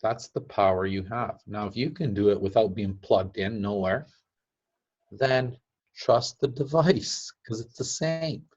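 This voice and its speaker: A man gives a casual talk as a teacher. His voice sits fairly low and he laughs between points, acting out little quotes. The recording is dull and lo-fi. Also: measured pace, a little mellow, slightly rough. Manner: chatty, laughs often, acts out quotes. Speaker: teacher of a device-building group. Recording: dull lo-fi sound.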